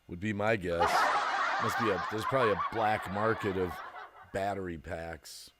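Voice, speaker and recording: A man's voice: low-pitched, a little slow, heavy background noise. A man from the United States hosting a casual livestream, chatting with viewers and laughing often as he rambles. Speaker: livestream host. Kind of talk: casual chat reading viewer comments.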